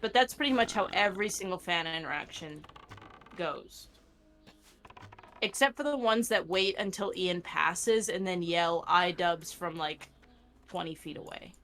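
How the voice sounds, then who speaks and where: A young woman chatting casually while playing an online game with a friend, talking in a lively way and acting out short quotes as she tells a story. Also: fairly low pitch, a little slow, a little hiss or hum. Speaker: streamer's co-player. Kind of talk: casual chat while gaming.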